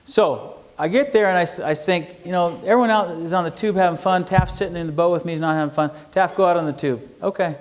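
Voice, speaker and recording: Middle-aged male speaker, slightly high voice, folksy lecture style with audience questions. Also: quick pace, hardly any pauses. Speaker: entrepreneur speaker. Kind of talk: lecture to students. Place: university lecture hall.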